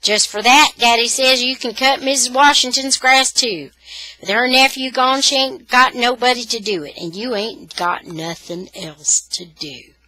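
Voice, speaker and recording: A woman's voice: fairly high pitch, a little slow, pushed and bright, no room sound, voice pushed up, poor audio. A woman reading a storybook aloud and voicing a stern, bossy father who scolds firmly. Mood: scolding.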